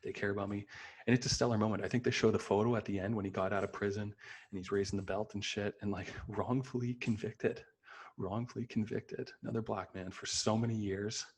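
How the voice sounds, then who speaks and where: A man with a somewhat low voice chats through his film picks in a loose, unscripted way. He swears freely, fills pauses with ums, and gushes about what he loves. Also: fairly even intonation, husky. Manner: loose, profane, enthusiastic with many fillers. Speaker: podcast host reviewing films. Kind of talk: casual spoken review.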